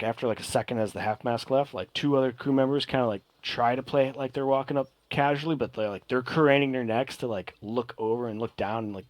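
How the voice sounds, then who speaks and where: A man's voice: medium pitch, no echo. A man narrating a tabletop game as game master, rambling with many fillers.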